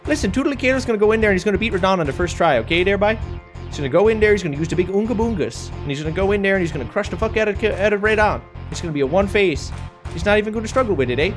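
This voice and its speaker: A man's voice: high voice, lively intonation, rapid-fire, music in the background. A man putting on a brash, boastful Canadian hoser figure with an exaggerated East Coast Canadian accent and folksy slang. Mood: cocky.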